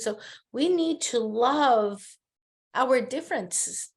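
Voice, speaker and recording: A woman's voice: on the high side, slow. A middle-aged woman with a Brazilian Portuguese accent, Portuguese her first language, telling personal stories as a podcast guest in casual conversation. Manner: storytelling, animated personal anecdotes.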